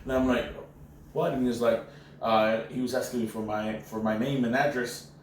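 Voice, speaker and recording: A man's voice: mid-range voice, moderate pace. A man from Mexico, a native Spanish speaker and former professor, telling stories in a loose, slangy way with many restarts. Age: adult, former university professor. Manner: animated storyteller, loose slangy talk with many "bro"s and restarts. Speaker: podcast host. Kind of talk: casual storytelling chat. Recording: echoey room, distant mic, faint noise.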